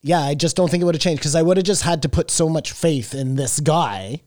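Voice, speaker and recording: A man's voice: fairly high pitch, a little fast, a little mellow, no echo, clean studio sound. A man co-hosting a podcast in casual chat, rambling between thoughts and swearing offhandedly. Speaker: podcast co-host.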